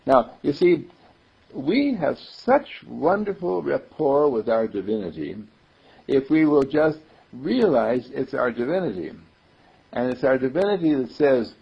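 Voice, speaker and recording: Gravelly, husky man teaching spirit. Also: mid-range voice, sing-song, measured pace. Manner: playful, chuckling, repeats affirmations. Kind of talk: informal sermon to a group. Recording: dull lo-fi recording.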